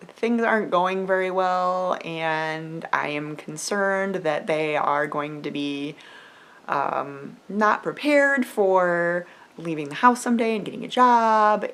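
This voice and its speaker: A woman's voice: lowish voice, a bit bright. A middle-aged woman talking to camera in a chatty, earnest way, with many fillers and quoted voices. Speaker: homeschool mom vlogger. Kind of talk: casual talk to camera.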